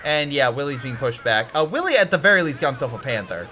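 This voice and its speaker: A man giving casual commentary on a strategy game replay, excitable and ranting, swearing and swinging from mutters to yells. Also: mid-range voice, fast talker, a little hiss or hum.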